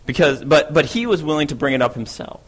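A man's voice: fairly high pitch, quick pace, breathy edge. A man playing eager, impulsive Peter. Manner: lively storytelling, speeds up and swells when excited. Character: apostle Peter, impulsive eager male disciple. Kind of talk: first-person dramatic monologue.

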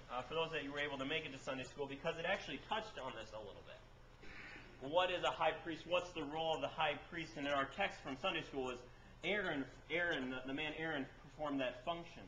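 A man's voice: fairly high pitch, a little fast, pushed and bright. A man preaching a sermon as pastor, telling a story in a conversational way with frequent restarts. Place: church sanctuary. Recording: echoey church room with faint noise.

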